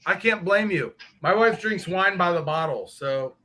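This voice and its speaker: A man's voice: sits high, lively intonation, normal speed, background noise. A man chatting casually on a live stream, telling profane joking stories. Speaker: guest on a motorcycle live stream.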